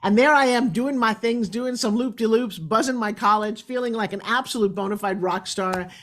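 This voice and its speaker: A woman's voice: on the high side, moderate pace, fairly bright tone. A middle-aged woman from New York hosting a talk show, enthusiastic and chatty as she tells stories. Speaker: host.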